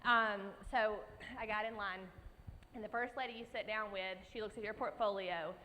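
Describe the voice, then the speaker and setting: A young woman from Alabama with a Southern accent, telling an animated story at a conference and acting out her own reactions with big leaps in pitch. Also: normal speed. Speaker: conference speaker. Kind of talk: storytelling keynote talk. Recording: speech in a large hall with faint background noise.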